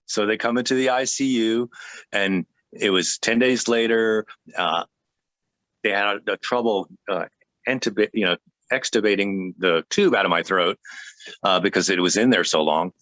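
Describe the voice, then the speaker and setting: A man guest telling a personal faith story in an earnest, halting way, with many restarts. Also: fairly low pitch, a bit bright, dry recording.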